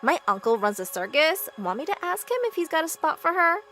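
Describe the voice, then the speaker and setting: A woman's voice: high-pitched, sing-song, fairly quick, sharp tone, soft background music, heavily acted. A woman voicing a mean teenage girl who speaks in a mocking drawl.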